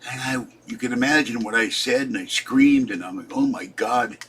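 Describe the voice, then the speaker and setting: A man's voice: mid-range voice, brisk, a bit bright, a little hiss or hum. A man in his seventies, tired and upset, rambling through a casual vlog and complaining as he trails off. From Pittsburgh. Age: 70s. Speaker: vlogger.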